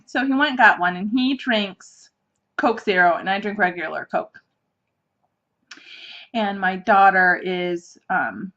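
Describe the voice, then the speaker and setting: A woman in her thirties hosting a podcast, telling stories in a casual, chatty way, animated and laughing often as she talks from an office. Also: medium pitch. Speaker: podcast host. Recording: dull lo-fi recording.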